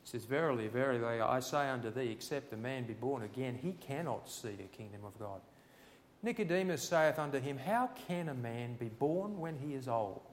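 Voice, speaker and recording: A man preaching a sermon and reading scripture, fervent and building to loud, emphatic passages. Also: mid-range voice, expressive, normal speed, a little hiss or hum. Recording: long reverb in a large hall.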